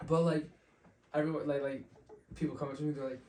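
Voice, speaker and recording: A man's voice: fairly high pitch, level tone, quick pace, darkish tone. A young man, a podcast guest and DJ, telling a story in casual chat, rambling with lots of "like" and acting out the voices of others. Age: young adult. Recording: echoey room, mic at a distance, faint hiss.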